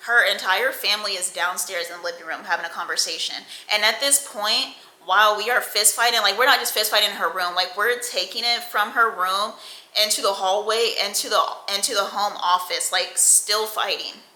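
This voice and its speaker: Young woman, storytime vlogger, very bright tone, echoey room, animated and foul-mouthed. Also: mid-range voice, a little fast. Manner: animated, profane, acts out quoted lines. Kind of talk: storytime vlog.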